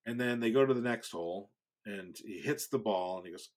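A man's voice: lowish voice, fairly quick. A man co-hosting a podcast, chatting casually, laughing often and telling jokes. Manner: laughs often, quiet asides. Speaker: podcast co-host. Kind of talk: casual chat, joke telling.

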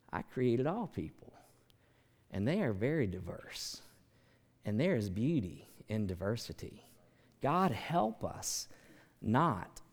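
A man preaching a sermon as pastor, animated and jokey, swinging from loud outbursts to quiet asides. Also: high-pitched. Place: church sanctuary. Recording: long reverb of a church hall.

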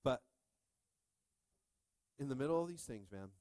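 Pastor, 30s, male, animated and jokey sermon delivery, close dry mic. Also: mid-range voice, a little slow, dry recording. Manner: animated, jokey preaching with call-and-response.

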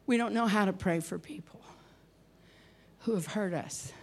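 A woman's voice: mid-range voice, unhurried, a little mellow. A woman preacher telling a personal story in a sermon, emotional and at times dropping to near whispers. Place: conference hall.

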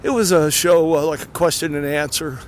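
A man walking fast and a little out of breath, rambling casually with many fillers as he introduces clips. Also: on the high side, fairly even intonation, a little hiss or hum. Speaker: podcast host. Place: outdoors near traffic.

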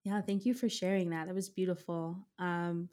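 A woman's voice: lowish voice, little pitch movement, moderate pace, dark tone. A woman hosting a podcast interview who encourages her guest and asks open questions, with frequent "um" fillers. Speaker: podcast host. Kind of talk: casual interview chat.

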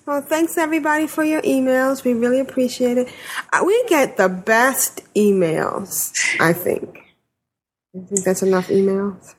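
A chatty woman hosts a relaxed podcast, her voice sitting a little higher than most. She rambles through fillers and breaks into giggles as she talks. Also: unhurried, slightly rough. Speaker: podcast host. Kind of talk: casual chat.

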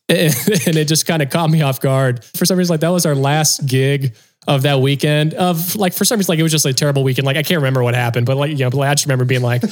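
A man, a co-host and touring drummer, telling a story in casual chat and acting out quotes in a raised voice. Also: a little fast. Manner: animated storyteller, acts out quotes in a higher voice.

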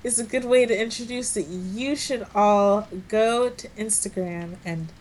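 A woman co-hosting a podcast in casual chat, relaxed and giggly. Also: mid-range voice, unhurried, a little hiss or hum, low-quality recording. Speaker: podcast co-host.

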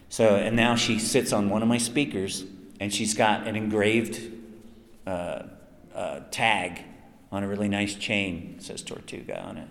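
A man's voice: on the low side, normal speed. A man, a voice actor answering fan questions at a convention panel, telling long self-mocking stories and acting out quotes. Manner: chatty, self-mocking, lively anecdotes with acted quotes. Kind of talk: convention Q&A storytelling. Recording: echoey hall, some noise.

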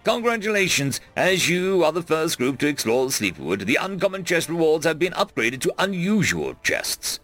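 A man's voice: on the high side, sing-song, moderate pace, few pauses, fairly bright tone, faint music behind, voice pushed up. A man voicing a dungeon's formal system announcer that reads out notices and rewards.

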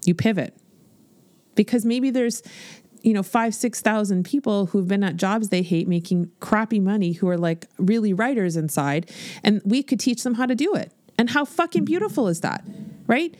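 A woman in her forties hosting a podcast as a business coach, talking in a blunt, animated, swear-filled motivational style. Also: mid-range voice, moderate pace, no room sound. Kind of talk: casual motivational podcast monologue.

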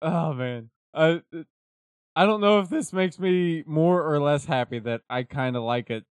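A man's voice: a little high, measured pace, clear, resonant tone, no room sound. A man co-hosting a casual podcast, teasing his partner and laughing easily as they argue about music. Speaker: podcast co-host. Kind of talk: casual chat.

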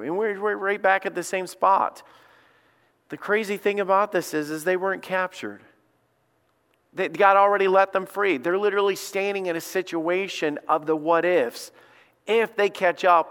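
In a church sanctuary, a lead pastor gives a sermon in a high, clean voice with a bit of brightness. He keeps things conversational and voices quotes as if acting them. A long church-hall reverb surrounds him.

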